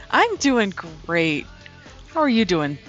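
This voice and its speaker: A woman co-hosting a gaming podcast, chatting casually and in a relaxed way. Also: medium pitch, slow, faint music behind. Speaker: podcast co-host, blogger. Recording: dry, dull lo-fi audio.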